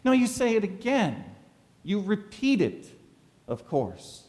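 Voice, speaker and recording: A pastor preaching a sermon, full of dramatic rhetorical questions. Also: male voice, high voice, huge pitch swings, slow, darkish tone, in a large hall.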